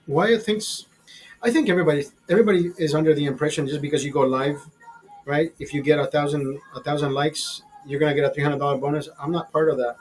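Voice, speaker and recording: A man's voice: on the high side, steady tone, quick pace, faint music behind, rough recording. A man hosting a livestream, chatting to his viewers in a profane, rambling, easygoing way. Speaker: livestream host. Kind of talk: casual chat to viewers.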